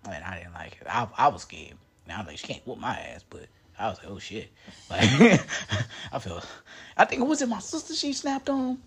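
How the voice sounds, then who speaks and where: A young man hosting a casual chat, joking and profane, laughing often and swinging from loud to low. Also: big pitch swings, moderate pace. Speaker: podcast host.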